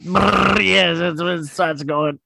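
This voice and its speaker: A man doing a comic impression of a laid-back young male comedian, raspy and halting, full of fillers. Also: fairly high pitch, bright, forceful tone, no room sound. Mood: deadpan. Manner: halting, full of "uh" and "you know".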